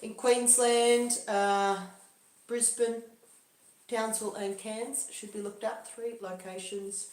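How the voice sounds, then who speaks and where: A woman's voice: mid-range voice, fairly even intonation, measured pace, hardly any pauses, a little mellow, reverberant. A woman talking through a casual livestream monologue in a musing, loosely paced way. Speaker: livestream host.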